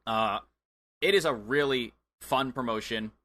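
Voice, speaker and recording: A man co-hosting a wrestling podcast, excitable and chatty, with plenty of fillers. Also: mid-range voice, measured pace. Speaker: podcast co-host. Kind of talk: casual chat.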